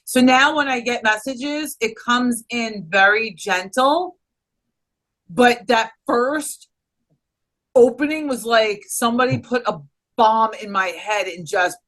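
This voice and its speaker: Woman interview guest, bright and forward tone, earnest, rambling delivery with restarts. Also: fairly high pitch, slow pace, poor audio. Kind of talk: personal storytelling in conversation.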